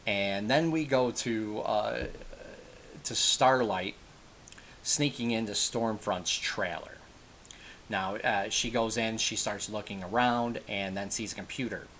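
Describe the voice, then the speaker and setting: A man's voice: on the low side, slow, a bit bright, a little hiss or hum. A man giving a casual, rambling spoken recap of a TV episode, often backtracking to correct himself. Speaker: TV episode reviewer.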